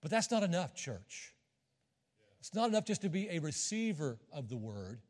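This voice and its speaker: High-voiced male preacher in a church. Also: sing-song, normal speed. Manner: folksy, joking and conversational with the congregation. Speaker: visiting missionary preacher. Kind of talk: sermon. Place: church sanctuary. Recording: long reverb of a church hall.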